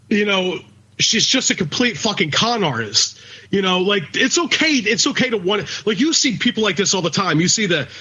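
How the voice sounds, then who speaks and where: High, husky man ranting bluntly. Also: pushed and bright. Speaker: podcast co-host. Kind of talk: casual podcast chat. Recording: dull lo-fi recording.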